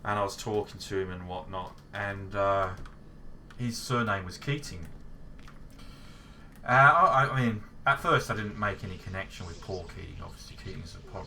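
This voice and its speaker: A man's voice: fairly low pitch, normal speed. A man with an Australian accent hosting a casual gaming chat, telling rambling anecdotes and laughing. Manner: rambling anecdotes, laughing, mimics voices in stories. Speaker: gaming channel host. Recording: distant mic with noticeable background noise.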